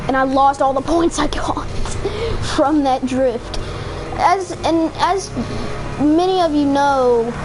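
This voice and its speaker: A woman giving casual let's-play commentary on a racing game, rambling with many fillers and restarts. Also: high-pitched. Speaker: gaming channel host. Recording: noisy with car game sounds. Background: racing game engine noise.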